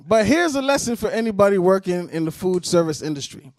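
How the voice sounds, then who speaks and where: A man, a comedian guest, telling an animated, profane story on a talk show. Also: sits high, fast talker, creaky, dry recording, clean studio sound. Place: studio.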